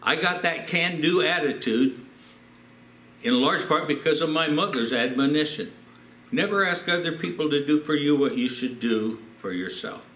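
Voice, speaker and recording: A man's voice: a little high, normal speed, a bit bright, slight background noise. Older man preaching in an echoey church. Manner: storytelling with acted quotes. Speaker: pastor. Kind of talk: sermon.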